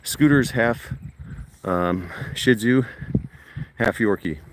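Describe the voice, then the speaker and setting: A man's voice: on the low side, slow pace. A man live-streaming a walk with his dog, talking to the dog and his viewers in a coaxing, casual way. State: out of breath while walking uphill. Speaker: livestream host walking his dog. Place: outdoors at a reservoir, walking. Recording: loud outdoor noise.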